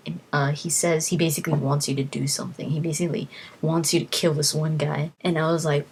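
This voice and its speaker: Woman with a low voice chatting about her game quests, lots of ums and likes, whispers the creepy bits. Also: quick pace, slightly rough. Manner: animated, acts out exclamations, many fillers and restarts. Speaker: gamer recounting quests. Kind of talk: casual storytelling vlog.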